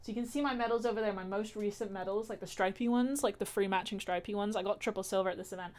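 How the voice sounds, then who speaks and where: A woman's voice: mid-range voice, steady tone, fast, darkish tone. A woman vlogger talking casually about her fights, rambling with lots of fillers and restarts. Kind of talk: casual chat.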